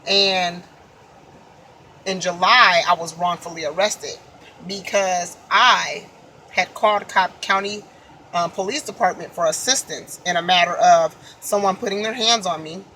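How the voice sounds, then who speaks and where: Bright-voiced woman telling her story. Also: a little hiss or hum, rough recording. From Illinois. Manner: earnest, upset, reenacts dialogue with rising pitch. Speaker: vlogger telling a personal story. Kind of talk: casual personal storytelling.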